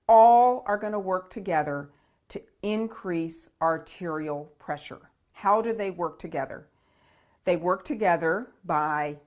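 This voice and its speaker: A woman physiology lecturer in a recorded lecture, explaining step by step, repeating key terms and checking in with "okay?". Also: deep voice.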